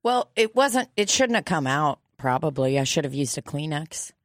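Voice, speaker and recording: A woman's voice: low-pitched, big pitch swings, moderate pace, no room sound, studio quality. A woman hosting a podcast in casual chat, crude, profane and teasing. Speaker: podcast host.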